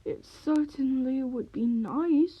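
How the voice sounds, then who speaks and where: A sleepy, kindly old male owl from a storybook, voiced by a woman. He speaks softly and wearily at a slow pace, in a fairly high voice, on a slightly dull recording. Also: breathy edge, full character voice. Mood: weary gentle.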